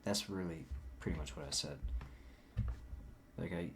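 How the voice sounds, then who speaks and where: A soft-spoken young man rambling casually through a story as a vlogger, swearing often, recorded on a desktop mic at home. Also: low voice, sing-song, moderate pace, gravelly, a little hiss or hum. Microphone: desktop mic recorded in Audacity.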